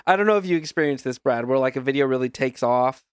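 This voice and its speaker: A man's voice: mid-range voice, quick pace, clean tone, no echo, studio quality. A man hosting a podcast, thinking aloud in a casual chat. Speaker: podcast host.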